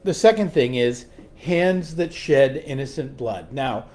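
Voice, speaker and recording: A man's voice: medium pitch, animated, measured pace, a little mellow. A man giving a sermon reflection as a pastor, often repeating words and restarting as he tells a story.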